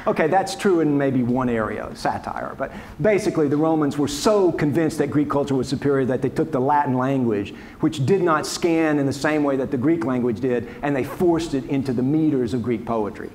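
A man's voice: mid-range voice, fairly quick, hardly any pauses, a little mellow, slight background noise. Wry, chatty male history lecturer. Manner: wry, conversational, with many restarts and asides. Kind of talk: lecture Q&A answers. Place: lecture hall.

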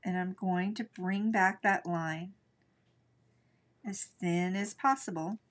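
A woman's voice: lowish voice, steady tone, slow. A middle-aged woman hosting a live watercolor painting tutorial, chatting and thinking aloud as she works. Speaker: art instructor.

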